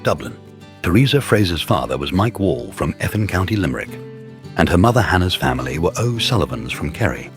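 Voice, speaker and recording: Deep-voiced man narrating. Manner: steady, reads out names and places. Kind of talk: scripted narration.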